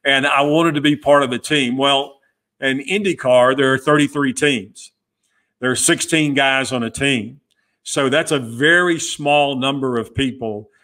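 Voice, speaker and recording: A man's voice: mid-range voice, a little slow. A middle-aged man, a podcast guest, telling stories in a casual interview and acting out the dialogue he quotes. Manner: lively storyteller who acts out quoted dialogue. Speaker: guest, former pit crew member.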